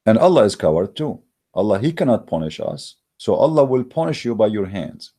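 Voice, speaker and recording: A man with a low, warm voice delivers a religious debate monologue as host of his own channel. He talks emphatically and mockingly, with frequent hesitations and restarts. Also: sing-song, fairly quick, slightly rough. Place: Germany.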